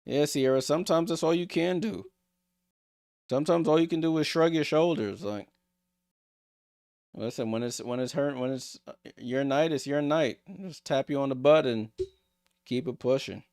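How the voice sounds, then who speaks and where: A man streaming a basketball watchalong, calling plays in casual, excitable, joking commentary. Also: fairly high pitch, moderate pace, pauses often, no room sound, studio quality. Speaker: streamer hosting a game watchalong. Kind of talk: casual live play-by-play commentary.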